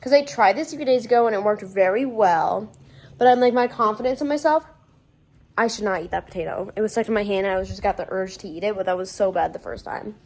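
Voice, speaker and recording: A woman's voice: mid-range voice, fast talker, darkish tone. A young woman from Michigan with a Michigan accent, chatting in a rambling way full of "like" fillers as she cooks in her home kitchen, recorded on a phone propped on the counter. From Michigan, USA. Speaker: vlogger. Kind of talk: casual cooking vlog chat.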